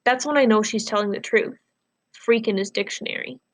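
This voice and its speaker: A woman teacher reading a novel aloud to her class, pausing to explain words and ask questions. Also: a little high.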